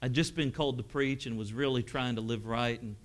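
A middle-aged man preaching a sermon, telling personal stories and swinging from loud exclamations to hushed, emotional tones. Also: medium pitch, fairly even intonation, brisk.

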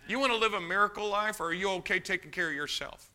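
An older man preaching a sermon as pastor, telling homey stories and building to loud, emphatic appeals. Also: sits high, fast talker. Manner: folksy storytelling, rising to loud emphatic preaching.

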